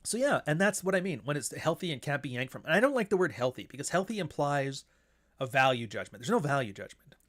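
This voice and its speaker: A man's voice: a little high, big pitch swings, fast talker, fairly bright tone. A man hosting his own show in a casual monologue, blunt and profane, who now and then mocks others in put-on voices. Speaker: show host.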